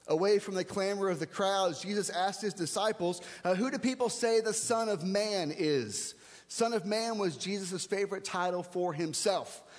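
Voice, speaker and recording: A man's voice: high voice, moderate pace. Man preaching in an echoing hall. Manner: conversational, emphatic, varies pace for stress. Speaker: pastor. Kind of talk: sermon. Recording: long reverb of a large hall.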